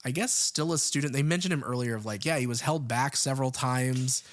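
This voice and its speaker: A male podcast co-host walks through a horror movie scene by scene in loose, conversational talk. He fills his sentences with ums, uhs and likes. His voice sits at a middle pitch for a man. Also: a little fast. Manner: recaps plot with many fillers. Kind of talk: casual film discussion.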